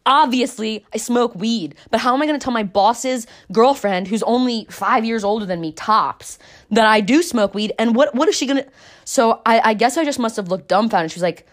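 A woman's voice: fairly high pitch, lively intonation, normal speed. A young woman vlogging, telling a personal story in a chatty, candid way, full of "like" and cursing, acting out the other people's voices as she goes. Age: young adult. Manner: chatty and candid, peppered with "like" and swearing; acts out quoted voices in the retelling. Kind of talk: casual storytelling.

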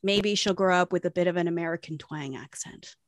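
A woman's voice: on the low side, brisk, no room sound, clean studio sound. A young woman co-hosting a podcast in casual chat, talkative and swearing freely. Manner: chatty, lively, swears casually. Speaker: podcast co-host. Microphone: remote call mic.

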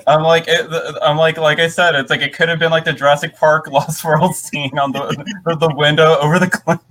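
A man's voice: fairly high pitch, flat delivery, moderate pace, fairly bright tone. A man co-hosting a podcast, chatting casually with lots of laughter and filler words. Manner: giggly, rambling with many fillers. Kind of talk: casual chat.

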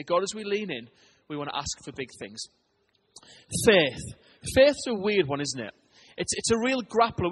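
Husky, animated preacher. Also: male voice, sits high. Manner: animated storytelling preacher, swings between loud and hushed. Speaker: pastor. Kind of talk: sermon.

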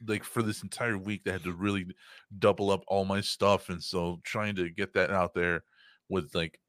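A man's voice: sits low, little pitch movement, moderate pace, fairly bright tone, dry recording, clean studio sound. A young man hosting a podcast, telling stories in a rambling, profane casual chat full of fillers. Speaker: podcast host.

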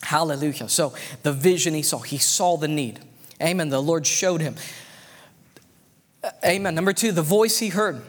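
Fervent preacher man, slightly high voice. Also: normal speed, pauses often. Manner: fervent, repetitive, punctuated with amens and hallelujahs. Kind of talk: sermon. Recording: long hall reverb.

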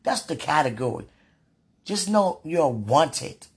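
A woman pours out a rambling spoken prayer. Her voice is husky and sits a little high. She pleads fervently and laughs between her phrases. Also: animated, moderate pace. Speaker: religious speaker.

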